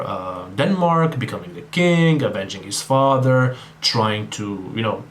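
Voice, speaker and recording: A man's voice: on the low side, a little hiss or hum. A man tutoring on literature in a casual exam-prep lecture, talking straight to viewers with frequent ums and asides. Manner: casual, addresses viewers as guys, many ums.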